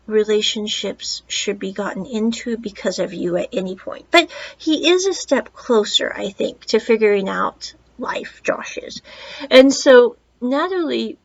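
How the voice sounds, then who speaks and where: Chatty woman, slightly high voice. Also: expressive, measured pace, few pauses, highs cut off. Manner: chatty, rambling with asides and quoted dialogue. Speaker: podcast host reviewing a film. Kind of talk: casual solo movie review.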